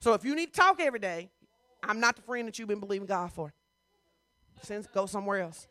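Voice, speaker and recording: Bright-voiced woman pastor preaching. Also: a little high, lively intonation, brisk, dry recording. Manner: conversational, full of rhetorical questions; emphatic, rising to loud bursts. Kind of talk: sermon.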